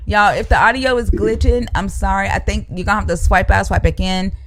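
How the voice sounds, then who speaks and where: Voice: medium pitch, steady tone, brisk, very noisy. A live-stream host, arguing with callers bluntly and profanely and repeating the same demand over and over. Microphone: live-stream microphone.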